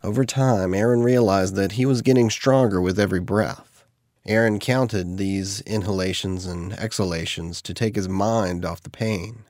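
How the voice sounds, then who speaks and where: A man reading an audiobook in steady, measured scripted narration. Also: low-pitched, no room sound, clean studio sound.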